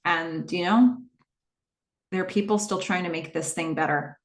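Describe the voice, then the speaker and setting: A chatty woman host walks through a TV episode scene by scene in a fairly low voice, animated and loose with fillers. Her voice rings in an echoey room. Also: normal speed. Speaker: podcast host. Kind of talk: casual TV episode recap.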